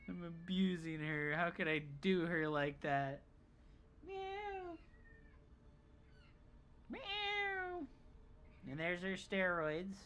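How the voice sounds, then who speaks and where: A woman streaming a game, chatting casually with viewers in an excitable, profane, joking manner. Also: fairly low pitch, clear, resonant tone. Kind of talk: casual live-stream chat.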